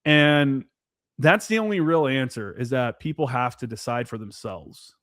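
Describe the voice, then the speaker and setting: A man's voice: mid-range voice, moderate pace, a bit bright, dry recording, studio quality. A man who served as a Marine forward observer, talking candidly as a podcast guest and swearing freely. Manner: candid, profane, peppered with "dude" and "man". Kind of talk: casual podcast chat.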